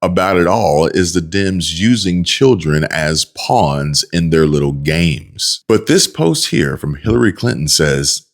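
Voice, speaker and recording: A man's voice: low voice, expressive, unhurried, hardly any pauses. A man hosting a political commentary voice-over, talking in a mocking, sarcastic way. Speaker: commentary channel host.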